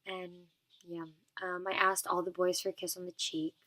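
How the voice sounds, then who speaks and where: A woman's voice: lowish voice, monotone, normal speed, pushed and bright. A young woman vlogger from California telling a long story in a rambling, casual way, full of "and then" and fillers.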